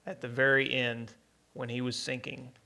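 A man preaching a conversational sermon, plainspoken and unhurried, with many pauses and restarts. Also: medium pitch, level tone, vocal fry, bright, forceful tone.

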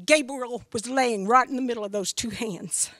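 A woman's voice: fairly high pitch, normal speed, fairly bright tone, dry recording, studio quality. A middle-aged woman from Missouri giving an earnest, emphatic spoken testimony about her faith as a grieving mother.

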